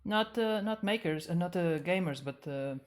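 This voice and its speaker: A woman with a low voice talks casually to her live stream viewers about cosplay plans. She sounds flustered and slightly out of breath, and she trips over her words and restarts often. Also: expressive, normal speed. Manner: chatty, flustered, stumbling restarts.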